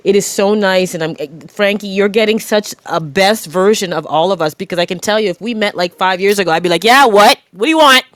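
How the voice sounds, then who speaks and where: A woman hosting a podcast in a candid, reflective chat, often stopping to restart her thoughts. Her voice sits at an ordinary middle pitch. The sound is dry and close, with no room around it. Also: steady tone, a little fast, few pauses, no echo. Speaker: podcast host.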